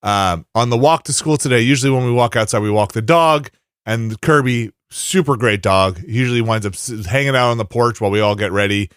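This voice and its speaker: A man's voice: medium pitch, brisk, a bit bright, clear, resonant tone, dry recording, studio quality. A man hosting a casual podcast, telling rambling stories with many restarts. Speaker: podcast host.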